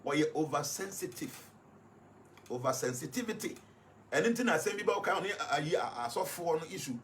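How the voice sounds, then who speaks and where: A man with a Ghanaian accent talks casually as a life coach and moves between English and Twi. His voice sits a little high for a man, and he often restarts and fills pauses. Faint noise hums behind him. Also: expressive, fairly bright tone. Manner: repeats and restarts with many fillers. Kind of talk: casual talk.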